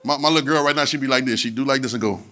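A man's voice: medium pitch, rapid-fire, noisy background. A man preaching a sermon in a colloquial manner, repeating phrases and urging the congregation to answer back. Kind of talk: sermon with call-and-response.

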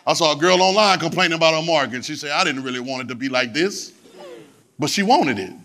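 A man preaching to a congregation with a somewhat high voice. He talks in a colloquial, repetitive way and keeps urging the crowd to answer back. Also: expressive, fast, gravelly, pushed and bright. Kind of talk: sermon with call-and-response.

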